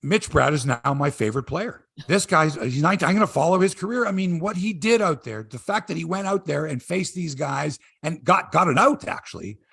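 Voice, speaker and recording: A man's voice: fairly quick, vocal fry, hardly any pauses, slightly rough, no room sound, clean studio sound. A middle-aged man hosting a sports podcast in casual chat, telling stories and acting out quotes in a raised voice. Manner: animated storyteller, acts out quotes in a high voice.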